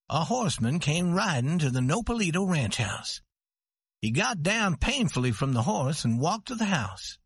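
A man reading a story aloud slowly and clearly for English learners. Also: a little high, no room sound. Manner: slow, clear, expressive. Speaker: narrator. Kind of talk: slow scripted story narration for English learners.

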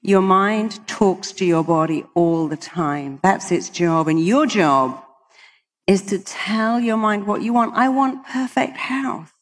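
A woman's voice: mid-range voice, slow, big-room sound. A British woman, a hypnotherapist, giving an emphatic motivational talk to an audience and quoting people in acted voices. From Britain. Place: large hall with an audience.

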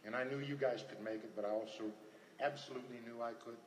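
A man's voice: mid-range voice, fairly even intonation, fast talker. An older man giving earnest personal testimony at a recovery meeting, telling stories and repeating his phrases. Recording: echoey hall, faint ambience.

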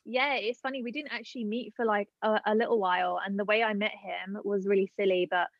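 A woman's voice: mid-range voice, fairly even intonation, a little fast, dry recording. A young woman from Britain, a podcast guest telling a story in casual chat, full of "like" and "um". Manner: chatty, filler-heavy with many "like" and "um". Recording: dull lo-fi dry sound.

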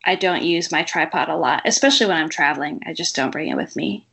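A woman's voice: sits low, fast, gravelly, a bit bright, husky. A woman talking frankly and upbeat as a podcast guest in casual chat.

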